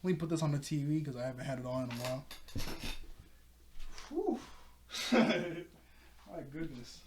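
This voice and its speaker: A man's voice: a little high, quick pace, noisy background. A man casually recapping a cartoon episode, laughing often and acting out the characters' lines. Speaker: episode reviewer. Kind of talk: casual recap with quoted voices.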